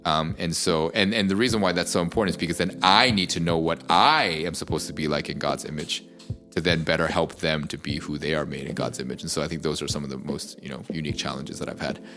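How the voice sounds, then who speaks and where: A man's voice: extremely low pitch, steady tone, fast, sharp tone, faint music behind. A middle-aged man, a pastor, talking casually on a podcast about his family, reflective and full of small fillers. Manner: reflective storytelling with many fillers.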